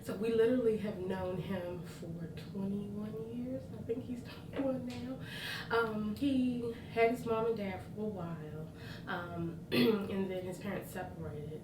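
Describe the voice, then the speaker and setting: A woman, a godmother, recounts family history in a documentary interview, clearing her throat now and then. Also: mid-range voice, fairly even intonation, unhurried. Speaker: Kenny's godmother. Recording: echoey room with noise, distant mic.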